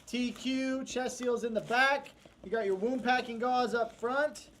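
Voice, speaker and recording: A man's voice: extremely high pitch, fairly even intonation, a little slow, a bit bright, a little hiss or hum. Hyped American guy showing gear. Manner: hyped, jokey, calls people bro and dude, reads product specs. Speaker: co-host showing products. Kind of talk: casual live-stream chat.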